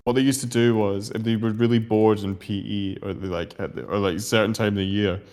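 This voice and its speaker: Young Scottish man, rambling and low. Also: fairly even intonation, fairly quick, a little mellow. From Scotland. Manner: rambling storyteller, swears, hesitant answers. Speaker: quiz contestant. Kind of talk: casual podcast chat.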